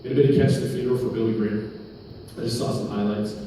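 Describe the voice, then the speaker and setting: A man's voice: lowish voice, fairly even intonation, quick pace, warm tone, slight background noise. A male pastor preaching a sermon, emphatic and dropping joking asides. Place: hall at a men's breakfast. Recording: echoey hall, from far off.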